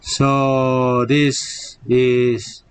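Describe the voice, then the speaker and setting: A man's voice: medium pitch, level tone, extremely slow, clean tone, low-quality recording. A male engineering professor giving a live-streamed lecture, drilling each point and checking in with "okay?" and rhetorical "what?".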